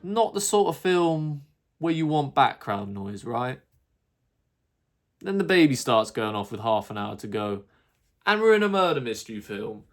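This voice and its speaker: A man's voice: medium pitch, very animated, a little slow, soft background music. A man telling an exasperated, sweary rant in a casual vlog monologue. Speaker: YouTuber.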